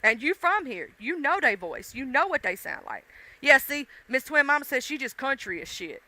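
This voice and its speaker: A woman's voice: high-pitched, big pitch swings, normal speed, bright, forceful tone, dry recording. A woman with a mixed Southern US accent, hosting a casual live stream and chatting straight to her viewers in a folksy, casually profane way. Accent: Southern US, mixed country and urban. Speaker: livestream host.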